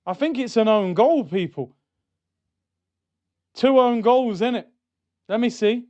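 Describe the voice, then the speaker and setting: Guy on a footy watchalong stream, high voice, smooth, flips between shouting and grumbling. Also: takes it slowly, long pauses, no room sound. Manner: excitable, shouts at goals, then grumbles and reads comments. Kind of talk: live match reaction with chat reading.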